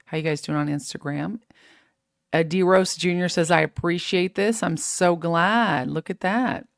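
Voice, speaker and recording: A woman hosting a live fitness stream, giving energetic, preachy, faith-based motivation and reading out viewer comments. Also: lowish voice, measured pace, gravelly, no room sound, clean studio sound. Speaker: host of a live fitness show.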